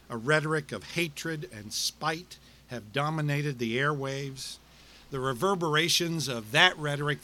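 A middle-aged male pastor delivering a sermon, with rhythmic repetition and dramatic pauses. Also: on the high side, sharp tone.

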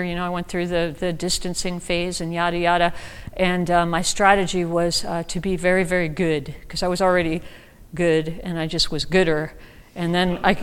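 Female guest preacher, chatty sermon delivery with lively high emphasis; reverberant hall sound. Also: clean tone. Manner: animated, conversational, rises high for emphasis. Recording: long reverb of a large hall.

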